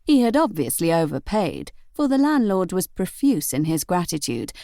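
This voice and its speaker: A woman narrating an audiobook novel in an expressive, measured storytelling manner. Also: fairly low pitch, dry recording, studio quality.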